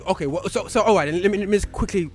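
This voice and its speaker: A male radio host talks at a rapid clip, rambling through jokes and plans for the show with plenty of fillers and false starts. His voice sits a little high for a man. Soft music plays faintly behind him. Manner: rambling, joking, many fillers and restarts. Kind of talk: casual radio banter.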